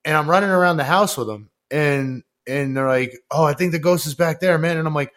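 Young male podcast host, slangy and profane, animated storyteller who laughs easily. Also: a little high, brisk, few pauses. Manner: slangy, profane, laughs through stories, acts out voices. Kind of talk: casual chat, animated storytelling.

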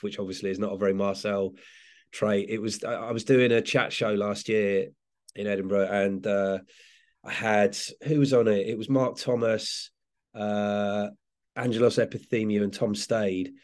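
A man's voice: lowish voice, a little mellow. An English man, a comedian, chatting in an interview, rambling and restarting with frequent laughs. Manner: rambling, self-correcting, laughs often. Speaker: comedian guest. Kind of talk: casual interview chat.

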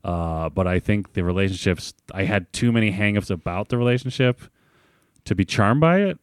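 Smooth, low-voiced man in his thirties. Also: moderate pace, no room sound, studio quality. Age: 30s. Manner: hedging, full of "like" fillers. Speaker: podcast co-host. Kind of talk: casual chat.

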